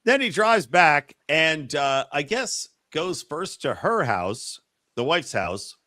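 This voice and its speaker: A man's voice: a little high, sing-song, slow, bright, forceful tone, dry recording, studio quality. A man co-hosting a podcast, chatting casually and sarcastically, mimicking characters in mocking voices. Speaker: podcast co-host.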